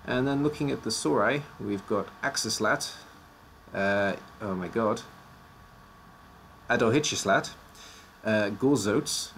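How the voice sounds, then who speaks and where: Man, low gravelly voice, slightly worn out, joking streamer chat, faint background hiss. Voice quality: joking, stumbles over odd names. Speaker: streamer presenting league teams. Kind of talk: casual live-stream commentary.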